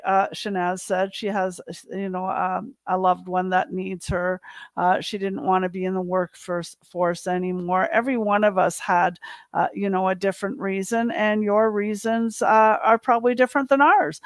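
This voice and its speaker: A woman's voice: medium pitch, dry recording. A woman hosting an online show, wrapping up with upbeat, encouraging talk. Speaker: host. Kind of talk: online show wrap-up and promo.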